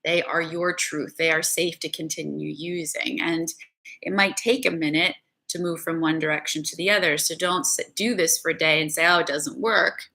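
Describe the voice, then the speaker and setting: Bright-voiced woman giving an earnest coaching talk. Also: deep voice, steady tone, moderate pace, gravelly. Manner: earnest, conversational, with frequent "right?" asides. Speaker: spiritual coach. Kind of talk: motivational talk.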